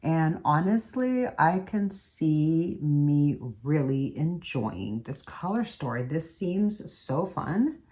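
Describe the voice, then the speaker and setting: A woman's voice: deep voice, expressive, takes it slowly, hardly any pauses, dark tone. A woman beauty vlogger chatting casually as she does her makeup in a tutorial. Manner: chatty, talks while doing makeup.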